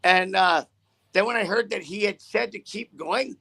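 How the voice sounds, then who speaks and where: A man's voice: sits high, moderate pace, gravelly, bright, forceful tone, breathy edge. A man who drives trucks, telling a story in a casual interview with a profane, rambling, heated manner.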